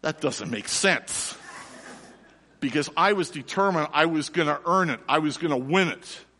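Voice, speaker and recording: A middle-aged man, preaching a sermon and telling a lively personal story before turning quiet and slow. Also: a little high. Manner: animated storyteller, drops to soft and slow for reflection. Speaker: pastor. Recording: long reverb of a large hall.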